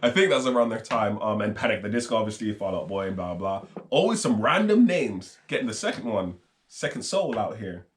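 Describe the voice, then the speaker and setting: A man co-hosting a podcast, chatting casually and rambling with jokes and quick asides. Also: on the low side, animated, slight background noise. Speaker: podcast co-host. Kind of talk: casual chat.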